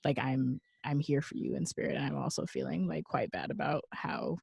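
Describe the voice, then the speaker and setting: A woman co-hosting a podcast, speaking in a measured, earnest way and gently giving advice in casual chat. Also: extremely low pitch, creaky, breathy edge, no room sound, studio quality. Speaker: podcast co-host.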